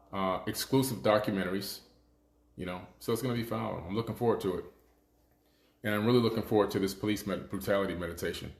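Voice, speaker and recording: A man in his fifties from the United States, a show host, tells stories in a casual, conversational monologue, frequently restarting his sentences. His voice is fairly low, and the room is echoey.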